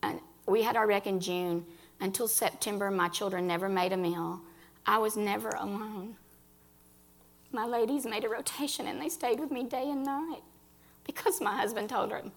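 An earnest woman gives a personal faith testimony to a gathering of women, speaking right to them. Her voice carries a gravelly fry, and she restarts phrases as she talks. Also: medium pitch, moderate pace. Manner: earnest, addresses listeners directly, restarts phrases.

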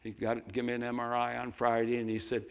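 An older man preaching a sermon, telling folksy stories and breaking into loud mimicking voices. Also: mid-range voice, monotone, quick pace, creaky, smooth. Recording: long hall reverb.

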